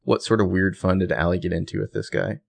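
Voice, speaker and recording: Deep gravelly-voiced man on a podcast. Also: fairly even intonation, fast talker. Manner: chatty, speculative, hedging with fillers. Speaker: podcast co-host. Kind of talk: casual recap chat.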